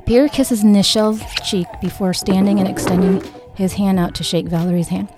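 Narrating her own novel for an audiobook, a woman speaks in a medium pitch at normal speed with a steady, dark tone and few pauses, over soft background music. She gives each character's lines in a near-natural voice, lifting it slightly for dialogue.

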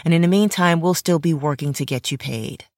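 A solemn, kindly agency woman, as a female narrator voices her speaks in a low, reassuring way. The voice sits close to the mic in a dry space, barely apart from the narrator's own. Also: brisk, no echo.

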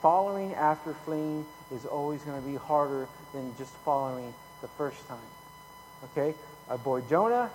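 A man preaching a casual sermon, folksy and chatty, tagging lines with "okay?" and getting louder when he reads scripture. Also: a little high, lively intonation, moderate pace, a little hiss or hum, low-quality recording. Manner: folksy, repeats "okay?" often, rises loud when reading scripture. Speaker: pastor.

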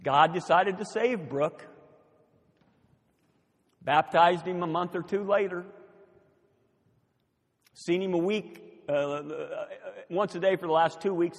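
An older man, preaching a sermon as pastor and telling a story with animated, building emphasis. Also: on the high side. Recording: long reverb of a church hall.

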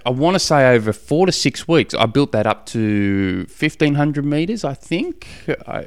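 A man's voice: mid-range voice, no room sound, clean studio sound. A man hosting his own podcast, answering a listener question in a casual, rambling, self-deprecating way with lots of fillers. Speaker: podcast host. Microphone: studio podcast microphone.

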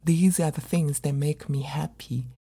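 A middle-aged woman actor performing a dramatic monologue in an earnest, pleading, measured way. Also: sits low, steady tone, mellow, husky. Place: living abroad as a migrant in a big city.

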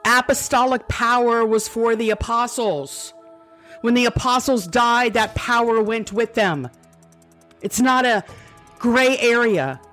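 A woman's voice: a little high, slow pace, fairly bright tone, soft background music. A woman reading Bible verses aloud as a commentary host and breaking off into sarcastic, exclamatory asides.

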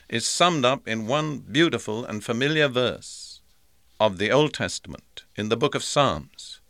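A man's voice: mid-range voice, bright, forceful tone, dry recording, clean studio sound. A man preaching a sermon in an earnest, emphatic way, repeating his points for stress.

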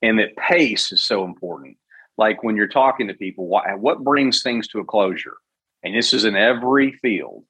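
A man's voice: fairly low pitch, lively intonation, moderate pace, fairly bright tone, breathy edge, dry recording, rough recording. A man on a video call, explaining ideas in a coaching way and asking rhetorical questions. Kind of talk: casual podcast chat. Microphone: video call microphone.

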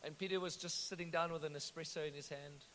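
Bright high-voiced pastor. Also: male voice, fairly even intonation, fast, slight background noise. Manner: storytelling with joking asides. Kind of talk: sermon. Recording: echoey hall.

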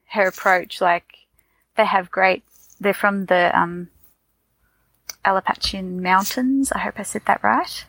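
A woman's voice: medium pitch, takes it slowly, long pauses, fairly bright tone, dry recording, rough recording. A woman from Tasmania with an Australian accent, chatting casually as a podcast co-host, rambling with fillers and restarts. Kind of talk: casual chat.

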